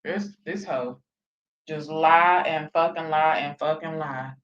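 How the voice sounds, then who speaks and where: A woman's voice: low-pitched, fairly even intonation, slow, fairly bright tone, highs cut off. A woman hosting reaction commentary, sarcastic and exasperated. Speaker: commentary host.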